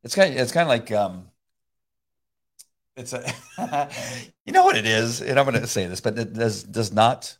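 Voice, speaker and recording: A middle-aged man chatting casually about faith, rambling with many halting restarts and frequent laughs. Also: medium pitch, big pitch swings. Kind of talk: casual conversation.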